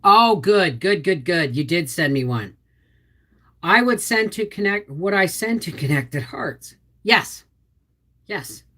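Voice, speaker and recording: A woman's voice: on the low side, lively intonation, slow, fairly bright tone. A middle-aged woman from Quebec chatting casually on a livestream, greeting viewers by name. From Quebec, Canada. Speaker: homestead channel host. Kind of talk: casual livestream chat reading comments.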